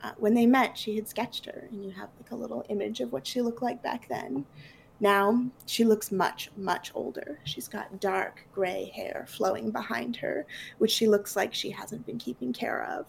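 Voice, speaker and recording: A woman's voice: a little high, fairly even intonation, moderate pace, creaky, a little hiss or hum. A woman narrating as game master in a loose, casual way with many fillers.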